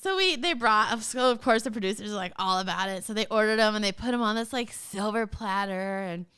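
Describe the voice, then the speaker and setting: A woman's voice: mid-range voice, fairly quick, bright, forceful tone, smooth. A middle-aged woman chatting as an interview guest, bubbly and laughing often as she tells stories. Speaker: guest, dance mom. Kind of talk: casual interview chat.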